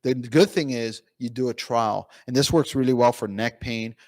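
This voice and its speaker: Guy doctor giving a conference talk, middle pitch, lots of ums and restarts, animated storytelling. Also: normal speed, no room sound. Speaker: pain physician speaking at a conference. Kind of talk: conference talk with patient stories. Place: conference room.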